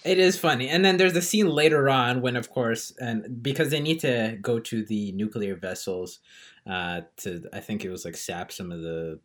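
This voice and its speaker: A man's voice: medium pitch, normal speed, a bit bright. A man chatting casually as a podcast co-host, rambling with many fillers and restarts as he retells scenes. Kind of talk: casual film review chat.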